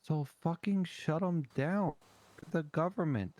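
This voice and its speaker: A man's voice: on the high side, slow, darkish tone. A man bantering in character during a roleplay session, teasing and easygoing. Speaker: roleplay player. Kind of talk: casual in-character roleplay chat.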